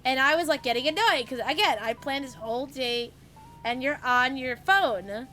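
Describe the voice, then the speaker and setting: A young woman streamer telling a story in casual chat, animated, swearing freely and laughing as she goes. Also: high-pitched, normal speed, a little hiss or hum.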